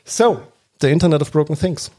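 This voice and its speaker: A man's voice: a little high, expressive, brisk, dark tone, slightly rough. A man with a German accent hosting a podcast, chatty and laughing as he introduces guests. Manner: chatty and laughing, with frequent restarts. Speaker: podcast host. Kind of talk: casual podcast chat.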